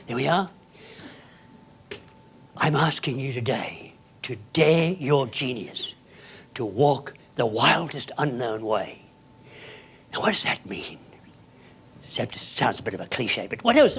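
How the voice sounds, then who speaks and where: A man giving a dramatic, emphatic motivational speech to an audience, with sudden soft drops and loud bursts. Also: medium pitch, slightly rough. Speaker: keynote speaker.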